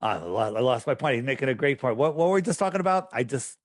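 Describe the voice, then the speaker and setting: A man guesting on a podcast talks in casual interview style, rambling and losing his train of thought before pressing his points emphatically and preachily. His mid-range voice is expressive and fast, with no room sound.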